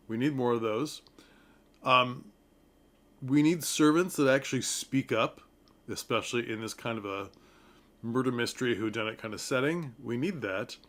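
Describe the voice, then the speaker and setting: Man, casual talk-to-camera play review, enthusiastic and conversational, mid-pitched, frequent ums. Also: a bit bright. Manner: chatty, enthusiastic, with frequent ums and asides to viewers.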